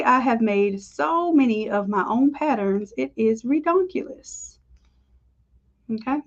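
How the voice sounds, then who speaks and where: A woman's voice: a little high, dull audio. A woman teaching design on a live screen-share tutorial, talking in a chatty, upbeat way and calling her viewers y'all. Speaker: design instructor.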